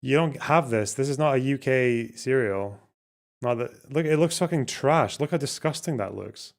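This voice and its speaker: A man's voice: mid-range voice, normal speed, gravelly. A man hosting a livestream, chatting casually and reacting with swearing and restarts. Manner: swearing, incredulous, thinks aloud with restarts. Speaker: livestream host. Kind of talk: casual chat reacting to chat and clips.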